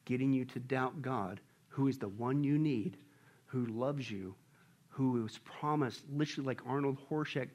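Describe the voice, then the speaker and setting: A male pastor preaching a sermon in an animated, conversational way, often quizzing the congregation with questions. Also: mid-range voice, normal speed.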